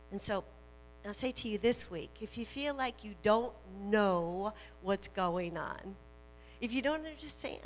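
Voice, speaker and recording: Woman minister giving a sermon, slow and emphatic, long church echo, soft music and hum behind. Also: medium pitch. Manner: slow, emphatic preaching with repetitions. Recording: reverberant hall with faint music and hum.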